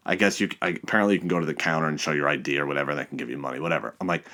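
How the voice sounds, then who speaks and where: Low-voiced man ranting casually. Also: quick pace. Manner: exasperated, swears often. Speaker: podcast host. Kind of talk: casual storytelling monologue.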